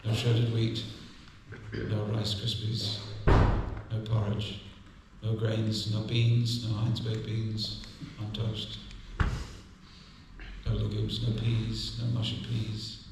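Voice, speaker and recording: A man delivers a devotional class in a low, steady voice that barely rises or falls. He tells anecdotes with dry, gentle humor. He sounds distant from the mic, with strong echo from a large temple room and faint background hum. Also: takes it slowly, gravelly. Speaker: visiting speaker giving a temple class. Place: temple hall. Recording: echoey temple room from far off.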